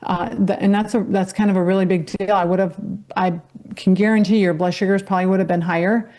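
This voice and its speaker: A woman's voice: medium pitch, steady tone, quick pace, a little mellow. A woman who is a guest health educator, explaining things in an earnest, encouraging way. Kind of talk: casual explanatory chat.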